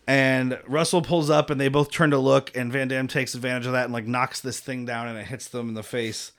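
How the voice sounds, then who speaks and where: A man's voice: mid-range voice, level tone, brisk, fairly bright tone. Rambling man recapping a movie. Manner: rambling, filler-heavy, swears freely. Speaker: podcast co-host. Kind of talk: casual movie recap chat.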